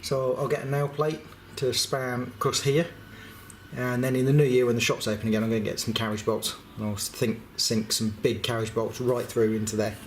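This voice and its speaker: Male DIY vlogger talking through his work in a bare, echoey room with steady noise behind him. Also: mid-range voice, brisk. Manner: plain, practical, chatty with fillers. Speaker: woodworking vlogger. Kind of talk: casual narration of a build. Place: house under renovation, indoors.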